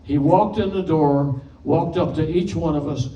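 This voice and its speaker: A man's voice: fairly high pitch, measured pace, dark tone, muffled recording. A man in his eighties, a session musician guest, telling stories in a folksy, plain-spoken way on a panel stage. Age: 80s. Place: event stage before an audience. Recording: distant echoey hall mic with faint noise.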